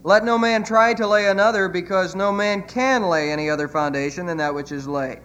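A man's voice: high-pitched, a little fast, a bit bright. A man preaching a sermon as pastor, retelling scripture with earnest emphasis.

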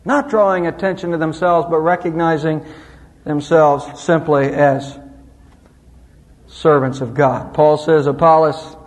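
Man, pastor, expository sermon, high voice, animated emphasis, long hall reverb. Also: unhurried. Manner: animated preaching, rising and falling emphasis.

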